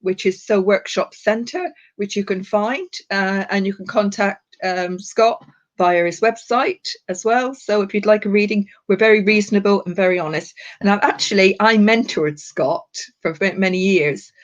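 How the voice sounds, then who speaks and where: A woman's voice: medium pitch, moderate pace. An older woman working as a psychic medium on a live stream, talking with affection and calling people darling and sweetheart. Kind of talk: live-stream reading and chat. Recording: dull lo-fi live stream audio.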